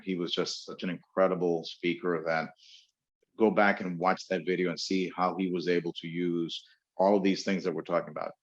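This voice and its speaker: A man from New York giving a webinar lecture on public speaking, with frequent fillers and emphatic pauses, over dull lo-fi audio. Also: low voice. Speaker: webinar presenter.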